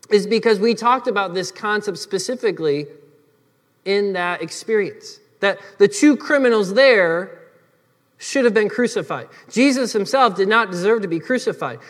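A man's voice: sits high, a bit bright. A male pastor preaching a sermon in an earnest, explanatory way, speaking directly to the congregation. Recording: long hall reverb.

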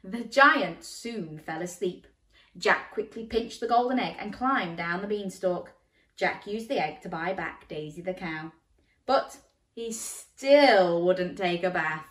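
Lively woman reading to children. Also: lowish voice, slow. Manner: animated, inviting kids to join in. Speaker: storyteller. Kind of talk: children's read-aloud. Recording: roomy, slightly distant mic.

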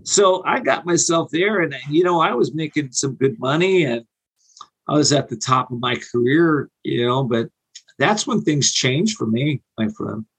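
A man in his forties telling a personal recovery story in a halting, earnest way, with many fillers and restarts. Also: on the high side, animated, fairly bright tone, slightly rough, poor audio. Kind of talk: personal storytelling on an interview show.

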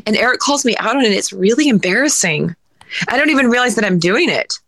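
A woman co-hosting a podcast in casual chat, quick with asides and often making fun of herself. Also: fairly high pitch, expressive, a bit bright, no echo. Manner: chatty, self-deprecating, quick asides. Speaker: podcast co-host.

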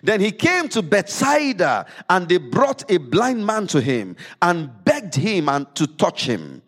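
Male pastor, slightly high voice, very animated pitch, sermon delivery that swings between emphatic reading and low explanation. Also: measured pace. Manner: reads scripture aloud with rising emphasis, then drops low to explain. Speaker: preacher. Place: church service.

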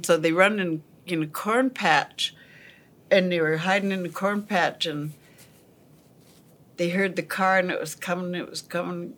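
Slow, halting woman storyteller. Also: lowish voice, a bit bright. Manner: slow and halting, many pauses and fillers. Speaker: podcast storyteller. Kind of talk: oral family storytelling.

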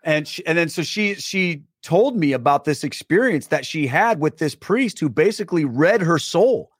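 Animated storytelling man, slightly high voice. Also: normal speed, breathy edge, dry recording, studio quality. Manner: animated storyteller who acts out dialogue; many fillers and restarts. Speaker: podcast guest. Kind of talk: personal storytelling in conversation.

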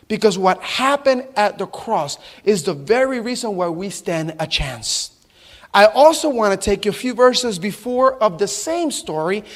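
Male pastor in his 40s with a very high voice, emphatic sermon delivery, calls out questions to the church and builds to shouting. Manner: emphatic, quizzes the congregation, rises to shouts. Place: church service.

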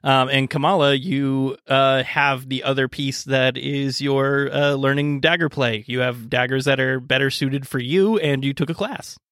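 A man narrating a tabletop game as game master, in halting narration full of fillers. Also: mid-range voice, fairly even intonation, fairly bright tone, dry recording, studio quality.

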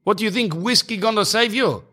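A man's voice: high-pitched, brisk, voice pushed up. A man putting on a voice as a furious young male tennis player berating an umpire, badgering and repetitive. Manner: shouting demands, repetitive and badgering.

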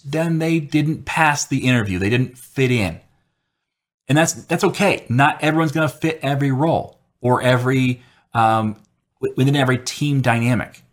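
Man rambling through career advice. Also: mid-range voice. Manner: conversational, rambling, with fillers and acted-out quotes. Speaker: software developer giving career advice. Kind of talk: casual advice monologue.

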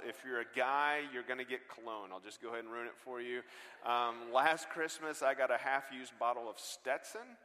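A man in his forties, a guest preacher, telling funny stories in a sermon. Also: medium pitch. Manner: humorous, animated storytelling. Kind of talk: sermon with storytelling. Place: church auditorium. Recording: long hall reverb.

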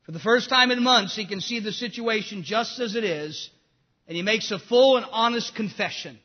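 A man preaching a sermon with passion, swinging between loud appeals and hushed, quiet moments. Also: sits high, moderate pace, big-room sound, lo-fi sound. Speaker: pastor.

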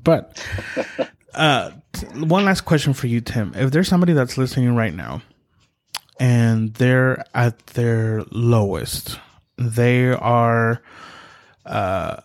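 Halting, moved male podcast host. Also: medium pitch. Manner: halting, stumbling over words, moved. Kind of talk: interview.

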